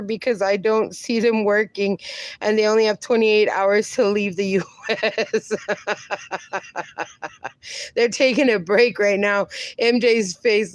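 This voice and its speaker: A woman hosts a relaxed phone livestream from her yard, drawling slowly and dotingly as she greets viewers and baby-talks her dogs. The sound is dry and close, with no room echo. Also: medium pitch. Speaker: livestream host. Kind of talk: casual livestream chat.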